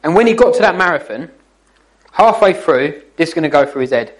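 A man's voice: fairly high pitch, animated, a little fast, rough recording. A man giving an informal, jokey church talk to young people, teasing his listeners as he goes. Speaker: youth speaker.

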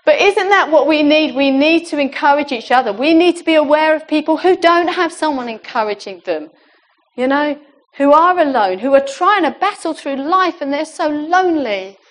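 A woman's voice: sits high, expressive, normal speed. A woman preaching a sermon in an earnest, emphatic way, with laughs and asides.

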